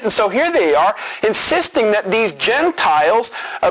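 A man's voice: high-pitched, a bit bright, rough recording. A man preaching an expository sermon, earnest and emphatic, repeating key words for stress.

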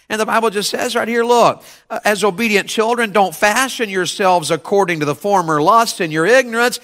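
A middle-aged pastor preaching a sermon, calling out to the congregation and swinging between hushed tones and shouted peaks. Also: male voice, sits high.

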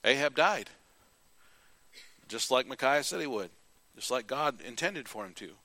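Bright-voiced preacher telling Bible stories. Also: male voice, mid-range voice, measured pace, no echo. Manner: animated, folksy storytelling. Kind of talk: sermon.

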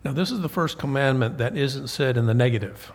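Man preaching, husky voice, casual and folksy, asks the congregation questions. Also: medium pitch, expressive, brisk. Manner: folksy, conversational, with rhetorical questions. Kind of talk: sermon.

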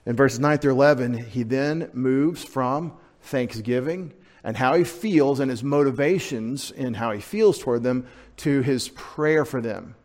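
A man's voice: mid-range voice, unhurried, a little mellow. A man preaching a sermon as pastor, conversational and emphatic, often asking the congregation questions.

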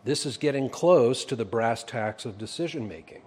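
A man preaching a sermon in a church, emphatic and then dropping to quiet asides. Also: mid-range voice, lively intonation, normal speed. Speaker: pastor.

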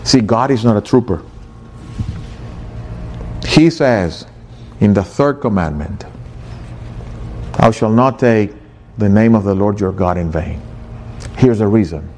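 Slow, animated preaching man. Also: on the low side, a little hiss or hum. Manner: slow, emphatic preaching that rises to excited bursts. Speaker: pastor. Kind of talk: sermon.

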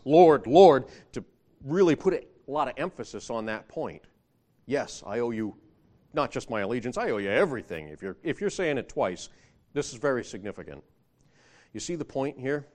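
This man's sermon is delivered conversationally in a medium-pitched, somewhat mellow voice. Rhetorical questions to the listeners come often, and his emphasis climbs when he quotes scripture.

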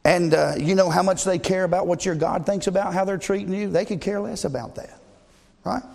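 A man's voice: sits high, steady tone, brisk, creaky, darkish tone, in a large hall. A man preaching a sermon in an emphatic, conversational way, often asking the congregation questions.

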